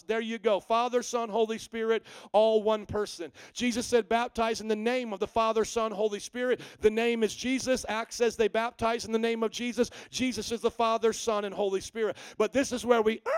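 Male pastor, emphatic sermon delivery with rhetorical questions; high, resonant voice. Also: steady tone, normal speed, few pauses, smooth, no echo, poor audio. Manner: emphatic, asks rhetorical questions and answers them.

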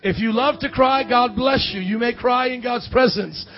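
A man preaching a lively charismatic sermon, with loud excited bursts and quiet musing asides. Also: moderate pace. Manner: excitable, loud outbursts, then drops low to muse. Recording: dull lo-fi church recording with faint music.

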